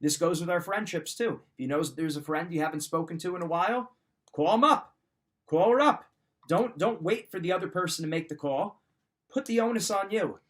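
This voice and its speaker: A man's voice: on the high side, brisk. A middle-aged man coaching listeners in an emphatic, direct motivational talk. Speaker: wrestling mindset coach.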